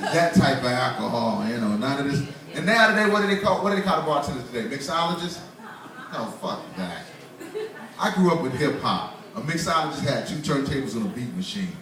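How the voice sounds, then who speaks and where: A man's voice: on the high side, expressive, a little fast, a crowd in the background. A man in his forties doing a loose, conversational stand-up comedy set in a small bar, laughing at his own jokes. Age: 40s. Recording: roomy bar, voice from far off.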